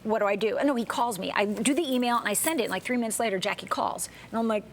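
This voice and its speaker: A woman guest co-host telling a personal story on a talk show, animated and acting out the people in it. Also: a little high, very fast, a little hiss or hum.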